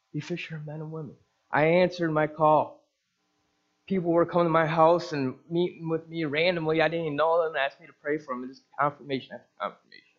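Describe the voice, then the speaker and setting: Earnest storytelling male pastor, muffled recording. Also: on the high side. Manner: earnest storytelling, acts out quoted voices. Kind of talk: testimony sermon.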